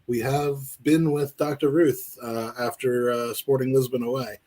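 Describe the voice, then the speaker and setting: A man's voice: medium pitch, steady tone, unhurried, dark tone. A man hosting a podcast as a casual live-stream chat, rambling and joking with many restarts. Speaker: podcast host.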